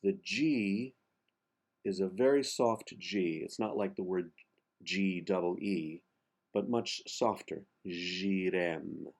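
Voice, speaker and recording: A man teaching the pronunciation of a song text, speaking slowly and carefully, spelling out sounds and repeating words one syllable at a time. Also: low voice, a little mellow. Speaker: diction coach. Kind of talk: pronunciation lesson for singers.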